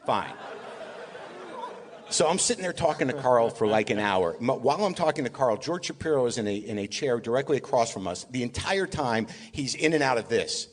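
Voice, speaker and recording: Man, live storytelling comic, lively pitch, quick acted-out dialogue. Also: big-room sound. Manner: animated, rapid-fire, acts out dialogue. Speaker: guest comedian.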